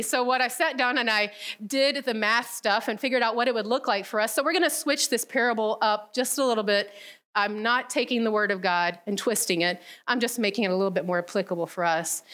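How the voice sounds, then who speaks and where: A woman preaching a casual sermon, retelling a parable with lively storytelling and acted-out voices. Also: a little high. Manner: animated storytelling, acting out the characters.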